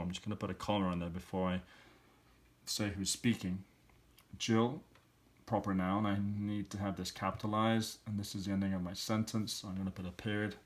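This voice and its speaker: Low-voiced man talking through exercises. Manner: thinks aloud, walking through each answer patiently. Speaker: teacher. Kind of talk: explaining language exercises step by step.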